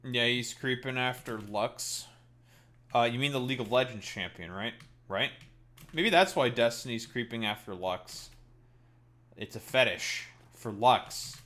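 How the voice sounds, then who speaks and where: A man's voice: mid-range voice, measured pace, pushed and bright. A man streaming a game live, talking casually and ranting profanely at his chat.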